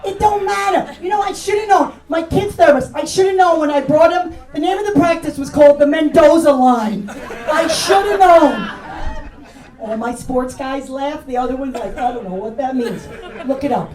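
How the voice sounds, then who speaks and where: Over an echoey room mic picked up from a distance, a middle-aged woman with a New York accent performs a profane, mocking stand-up set in a club. Her voice sits high and moves a little fast with few pauses, and the audience laughs throughout.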